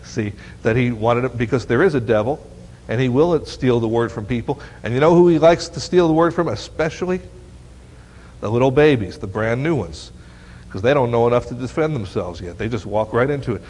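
A man preaching a sermon as pastor, animated and often asking the congregation questions. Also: medium pitch, fairly quick. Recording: long hall reverb.

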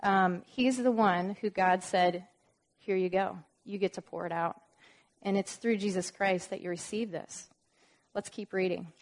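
A woman leading an informal Bible lesson at a medium pitch. She reads verses aloud with added weight, then breaks into chatty explanations and asides. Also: steady tone, measured pace. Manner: reads scripture aloud with emphasis. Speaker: Bible teacher.

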